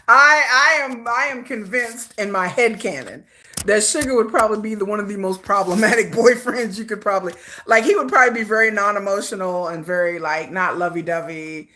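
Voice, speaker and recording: A woman's voice: mid-range voice, bright, forceful tone. A woman hosting a livestream, telling stories in a playful, gossiping chat and laughing often. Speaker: livestream host. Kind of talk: casual storytelling chat.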